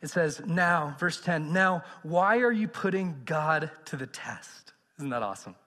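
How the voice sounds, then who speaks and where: Animated man preaching in a reverberant hall. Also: on the high side, measured pace. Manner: animated, swings from loud to hushed. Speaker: pastor. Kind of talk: sermon. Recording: long reverb of a large hall.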